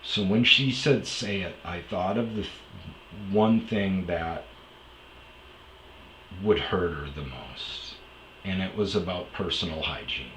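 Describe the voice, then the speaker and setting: A man's voice: sits low, slow, pauses often, fairly bright tone, reverberant, slight background noise, rough recording. A man from Wisconsin telling a personal story as a podcast host, blunt, candid and profane. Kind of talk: storytelling monologue.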